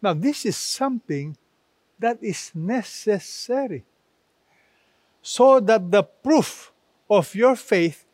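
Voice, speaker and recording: A high-pitched man preaching a sermon in an unhurried, measured way. He lands each phrase with emphasis, and the sound is close and dry. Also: lively intonation, darkish tone, no echo. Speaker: pastor.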